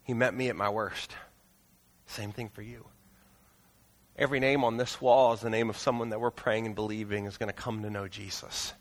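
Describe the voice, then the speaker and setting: A pastor preaching a sermon in a church auditorium, earnest and pleading, moving into prayer. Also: male voice, fairly low pitch, little pitch movement, moderate pace, long reverb tail.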